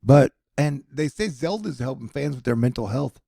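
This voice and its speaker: A man hosts a casual news vlog, reading tweets aloud between wry, jokey asides. His voice is husky with a gravelly edge. The room sounds dry and close, with no echo. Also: medium pitch, moderate pace. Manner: excitable, rising to loud questions. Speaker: online news commentator. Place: home in Texas.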